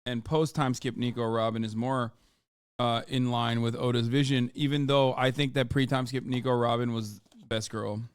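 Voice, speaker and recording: A man's voice: medium pitch, steady tone, moderate pace, smooth, no echo, clean studio sound. A man in his thirties giving casual, profane reaction commentary to a show, joking asides to his chat.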